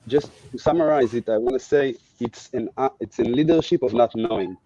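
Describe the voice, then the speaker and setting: Man, dark dull-sounding voice. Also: mid-range voice, a little fast, a little hiss or hum. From Israel. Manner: thoughtful, searching for words. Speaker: podcast guest. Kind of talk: casual reflective chat.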